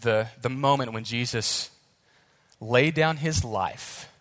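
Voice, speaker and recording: A young man preaching a sermon as pastor, earnest and animated, speeding up as the story builds. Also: mid-range voice, slow, no room sound, clean studio sound.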